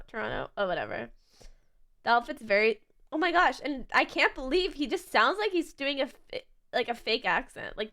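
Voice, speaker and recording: A woman's voice: high-pitched, a bit bright. A young adult woman streaming, chatting casually as she reacts to a video, giggly and rambling with lots of "like" and restarts.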